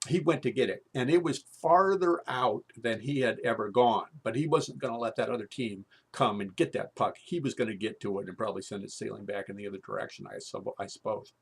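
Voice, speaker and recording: A man telling a rambling, animated story with many restarts and fillers. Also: lowish voice, brisk, gravelly, few pauses, husky. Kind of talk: live comic storytelling monologue.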